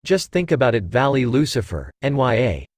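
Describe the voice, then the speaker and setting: A teasing, purring female cat-demon from a storybook reading, lively in her lilt as a man reads her lines. She speaks in a dry, close sound. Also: medium pitch, normal speed, dry recording. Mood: playful.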